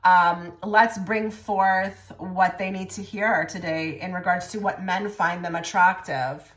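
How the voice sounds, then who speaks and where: A woman giving a pick-a-card tarot reading to her viewers, rambling and repeating herself, often trailing into soft murmured phrases. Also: lowish voice, fairly even intonation, slow pace. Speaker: tarot reader.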